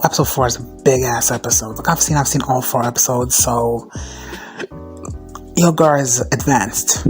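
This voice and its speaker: A woman giving a casual, excitable recap of an episode, rambling with slang, filler words and swearing. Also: very deep voice. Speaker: reaction vlogger.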